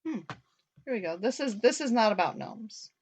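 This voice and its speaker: A woman's voice: a little high, animated, moderate pace, a little mellow, a little hiss or hum. A young woman co-hosting a talk show, rambling in casual chat full of "like" and the odd swear word. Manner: rambling, chatty, peppered with "like" and mild swearing. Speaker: podcast co-host. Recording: dull lo-fi recording.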